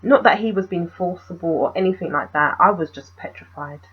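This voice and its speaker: A woman telling a personal story in a vlog, animated and full of rhetorical questions. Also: fairly low pitch, a little fast, husky, dull audio. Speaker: vlogger.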